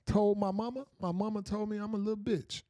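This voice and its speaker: High-voiced man hosting a chatty podcast. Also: fairly even intonation, brisk, dark tone, no room sound. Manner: repetitive, loose, talks straight to viewers. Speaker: podcast host. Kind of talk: casual call-in podcast chat.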